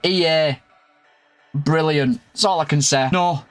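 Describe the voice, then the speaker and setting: Excitable gaming commentator. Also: male voice, a little high, unhurried, soft background music. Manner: lively play-by-play, calls out to viewers as lads and boys. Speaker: gaming YouTuber. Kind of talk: excitable football game commentary.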